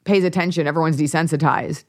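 A comedian in casual chat, quickly and playfully pitching joke ideas and tags to a fellow comic. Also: steady tone. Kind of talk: casual chat workshopping jokes.

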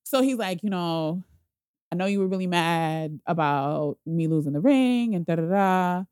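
A woman telling a story in casual podcast chat, slangy and animated, acting out other people's voices. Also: on the low side, unhurried, clear, resonant tone, no echo, studio quality. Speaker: guest telling her proposal story.

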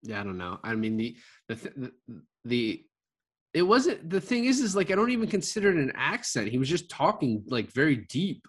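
A man in a relaxed movie review chat. He rambles, restarts his sentences and fills the gaps with ums and likes. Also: on the high side, a little fast, slightly rough. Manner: rambling, many fillers and restarts, laughs often. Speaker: podcast co-host.

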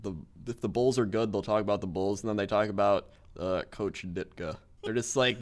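A man's voice: fairly low pitch, brisk, few pauses. A man co-hosting a casual podcast, reading a ranked list aloud and joking, often laughing and slipping into goofy voices. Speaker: podcast co-host.

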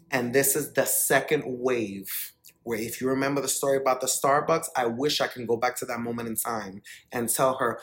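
A man's voice: mid-range voice, fairly even intonation, fairly quick, a bit bright, poor audio. A man from the Bronx, New York, guest on a podcast, telling his own story with emphatic, candid, freely swearing delivery. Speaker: podcast guest, startup CEO. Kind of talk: storytelling in an interview.

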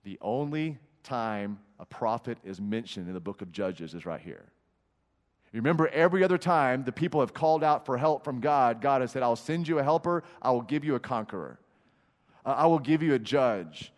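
Preacher in a reverberant hall. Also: male voice, medium pitch, expressive. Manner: emphatic, repetitive preaching with dramatic pauses. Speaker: pastor. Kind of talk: sermon. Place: large church sanctuary.

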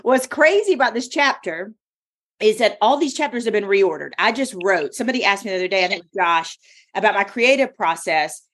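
A woman at a medium pitch speaks with emphatic, expressive energy, leaning into her words in a casual podcast chat. She talks directly to her listeners. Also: a little fast. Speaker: podcast host and author.

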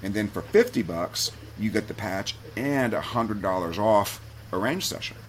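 A man's voice: on the low side, animated, moderate pace, a little hiss or hum. A man on a podcast as a guest, telling a personal story in a candid, heartfelt way that gets him choked up. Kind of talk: casual storytelling.

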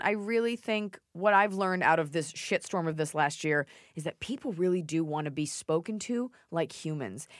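A woman's voice: sits low, dry recording, clean studio sound. A woman hosting a casual chat, reacting eagerly and speaking earnestly. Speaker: host.

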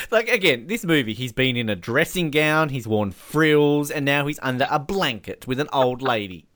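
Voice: mid-range voice, animated, normal speed, fairly bright tone, no echo. A podcast co-host in casual movie chat, enthusiastic and laughing often.

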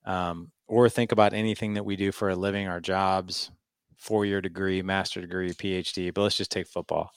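Brief: man, 40s, very low gravelly voice, dry close sound, animated storyteller. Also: moderate pace, no echo. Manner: animated, acts out quoted dialogue. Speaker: podcast guest. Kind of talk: casual storytelling.

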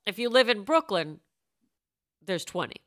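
A woman co-hosting a podcast in casual comedic chat, quick with jokes and laughing often. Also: medium pitch, lively intonation. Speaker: podcast co-host.

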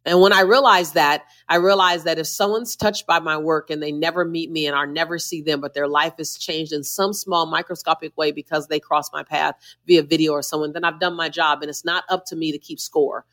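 A woman's voice: low voice, steady tone, a little fast, hardly any pauses, fairly bright tone. A woman who is a motivational speaker, a guest on a podcast interview, talking with emphatic, preacher-like repetition.

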